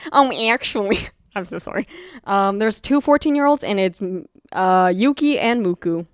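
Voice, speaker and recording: A woman's voice: medium pitch, fairly bright tone, smooth, no room sound, clean studio sound. A young woman streamer chatting casually and rambling, often apologizing and laughing as she explains things. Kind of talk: casual livestream chat.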